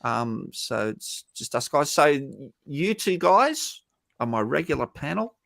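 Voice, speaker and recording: A man with a gravelly, creaky voice hosts a casual live-stream panel chat. He rambles loosely, full of fillers and restarts. The sound is dry and close. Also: a little high, sing-song, measured pace, fairly bright tone, no room sound. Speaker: host.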